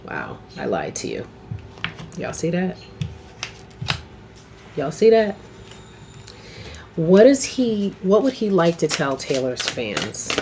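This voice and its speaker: A low-pitched woman talks slowly through a tarot reading, rambling and checking in with her viewers. The recording carries clear background noise. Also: wildly swooping pitch. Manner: chatty, rambling, says okay often. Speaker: tarot reader. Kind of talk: casual tarot reading to camera. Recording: noisy home video recording.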